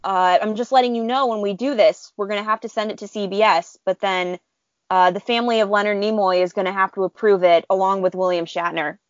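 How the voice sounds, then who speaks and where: A woman, a fan artist, telling a story in a casual interview, chatty and animated, with many fillers. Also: mid-range voice, fairly quick, no room sound, muffled recording.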